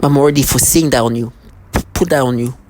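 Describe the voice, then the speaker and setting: Angry ranting monologue, threatening tone, repeated restarts, mid pitch, faint background noise. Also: fast talker.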